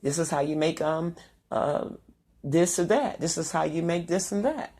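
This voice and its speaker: Gravelly low-voiced woman telling stories. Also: normal speed. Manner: loud, animated, profane storytelling with high-pitched quoted voices. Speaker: storyteller. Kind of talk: casual monologue.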